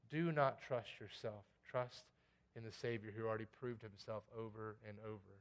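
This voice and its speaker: A man's voice: medium pitch, steady tone, moderate pace. A pastor preaching a sermon with emphasis, often repeating key lines and checking in with his listeners. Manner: emphatic, repeats key lines, asks the congregation "You get that?".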